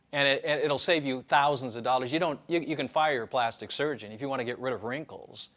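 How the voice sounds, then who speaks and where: A man's voice: medium pitch, fast, hardly any pauses, pushed and bright. A man giving a promotional monologue as an author, emphatic and repetitive, with a preachy way of talking. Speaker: health author.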